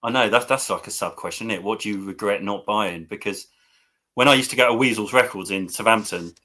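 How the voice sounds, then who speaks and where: A middle-aged man hosts a relaxed record-collecting chat. His voice is bright and forward. He laughs easily as he talks over a computer mic at home. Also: lowish voice, brisk. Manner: chatty, laughs often. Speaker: host. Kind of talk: casual chat about records. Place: home room. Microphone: webcam or computer mic.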